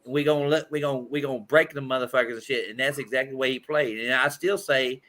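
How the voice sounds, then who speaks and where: Bright profane man telling rambling stories. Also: mid-range voice, fairly even intonation, fast. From Indianapolis. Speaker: podcast host. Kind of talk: casual sports chat.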